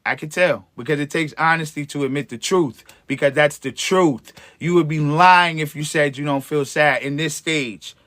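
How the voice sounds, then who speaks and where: Speaking at a moderate pace with few pauses, a man with a slightly high, somewhat bright voice coaches viewers on a livestream about empowerment. His motivational talk is preachy and encouraging, full of slang and frequent chuckles.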